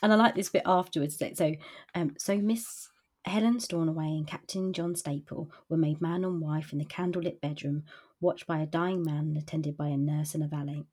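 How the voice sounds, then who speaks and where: A woman's voice: deep voice, fairly even intonation, moderate pace, darkish tone, slightly rough. A woman co-hosting a book podcast, talking casually with frequent laughs and some hesitation. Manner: laughing, hesitant with fillers and restarts. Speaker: podcast co-host.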